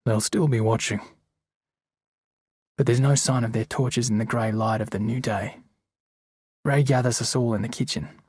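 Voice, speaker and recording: Male audiobook narrator, steady and measured, husky timbre, dry sound. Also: mid-range voice, no echo. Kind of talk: scripted narration.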